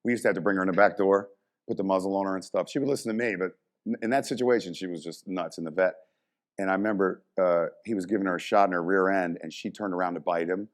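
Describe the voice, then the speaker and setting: Brief: middle-aged male strength coach, very low voice, loose animated storyteller who swears and leans on "you know". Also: fast talker. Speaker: strength coach and motivational speaker. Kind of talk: casual storytelling talk.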